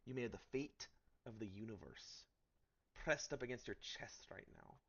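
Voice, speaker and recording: A fierce, loyal woman sworn to guard her friend, as a man puts her on, with a Russian accent and a low voice. She talks earnestly and insists on her point, her tone gravelly with fry. The audio is dull and lo-fi. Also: very animated, normal speed, fairly bright tone, exaggerated voice. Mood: defiant. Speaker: tabletop player. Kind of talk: in-character roleplay.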